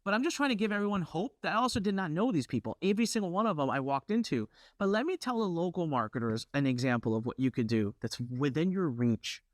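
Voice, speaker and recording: A middle-aged man hosting a workshop, telling a brash, competitive story with lively asides. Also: fairly high pitch, fast talker, few pauses, no echo, clean studio sound. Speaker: workshop host.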